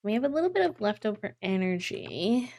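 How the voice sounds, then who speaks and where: A woman's voice: medium pitch, brisk, creaky. A young woman casually chatting to her live-stream audience while playing a farming game. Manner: relaxed, chatty, talks to chat between tasks.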